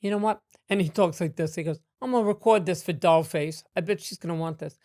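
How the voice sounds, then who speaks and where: Lively storytelling woman with a low voice. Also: fast, no room sound, studio quality. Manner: animated anecdotes with many fillers and restarts. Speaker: comedian guest. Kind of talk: storytelling in a podcast interview.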